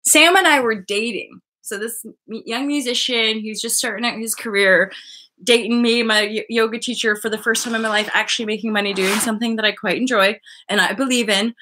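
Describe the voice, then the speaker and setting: A woman's voice: medium pitch, pushed and bright. A Canadian woman in her thirties hosting a spiritual web show, talking in a loose, rambling livestream chat and often restarting her sentences.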